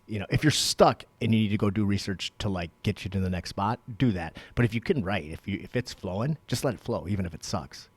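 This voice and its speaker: Profane storytelling man, lowish voice. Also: lively intonation, fast, hardly any pauses, husky, no room sound. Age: young adult. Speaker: podcast co-host. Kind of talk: casual chat.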